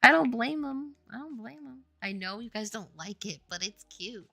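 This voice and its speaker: A young woman hosts a casual livestream, gushing and giggling with enthusiasm. Her voice bounces all over and sounds bright and forceful. The sound is close and dry. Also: a little high, lively intonation, normal speed, vocal fry, no room sound. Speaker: indie game developer and stream host.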